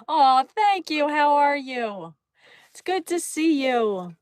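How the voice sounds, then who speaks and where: A cheerful woman hosts a live stream and chats easily with her viewers. She talks slowly in a fairly high voice and laughs often as she thanks them. The sound is close and dry. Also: sing-song, dry recording. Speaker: livestream host. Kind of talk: casual live-stream chat reading comments.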